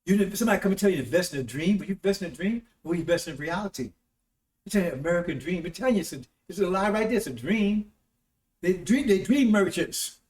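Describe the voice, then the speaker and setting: This preacher hosting a broadcast speaks in a high, animated, quick voice with a touch of mellowness. His informal sermon wanders, and he keeps tossing "See?" and "Right?" at his audience. He sounds distant from the microphone, in an echoing room.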